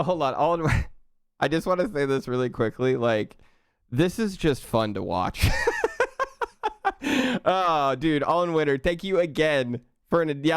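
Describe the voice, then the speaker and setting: A young man hosting a live stream, thanking viewers in an excitable way, laughing and stumbling over his words, out of breath. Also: fairly high pitch, clear, resonant tone, dry recording, clean studio sound. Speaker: livestream host.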